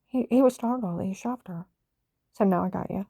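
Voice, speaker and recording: An older woman with a gravelly, dark-toned voice tells her own story in an intense, urgent way. Her account rambles from one thing to the next, recorded close and dry with no room sound. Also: medium pitch, normal speed, no echo.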